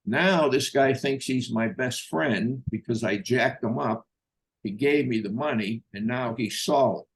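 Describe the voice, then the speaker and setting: Gravelly older man telling a blunt story. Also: mid-range voice, a little slow. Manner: blunt, profane, acts out quoted voices. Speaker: host telling a personal story. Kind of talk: casual storytelling.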